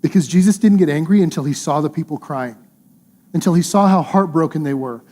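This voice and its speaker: A man's voice: on the high side, fairly quick, dark tone. A male pastor preaching a sermon in an earnest, conversational way, using emphatic repetition.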